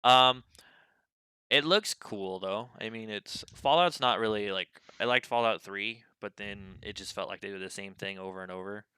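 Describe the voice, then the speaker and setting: Low, bright-voiced man co-hosting a podcast. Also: normal speed, clean tone, dry recording. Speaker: podcast co-host. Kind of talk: casual chat. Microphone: podcast studio mic.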